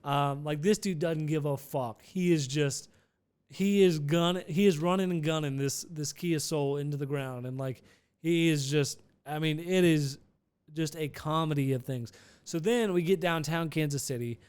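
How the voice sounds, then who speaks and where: A young man with a smooth, clean voice pitched a little high, hosting his own show. He tells a story in a loose, rambling way, restarting sentences and swearing casually. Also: normal speed, darkish tone. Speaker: podcast host.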